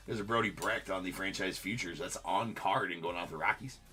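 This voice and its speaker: A man's voice: low-pitched, fairly quick, pushed and bright. A man hosting a live-streamed trading card break, giving running commentary on each card and chatting with viewers, with frequent filler words.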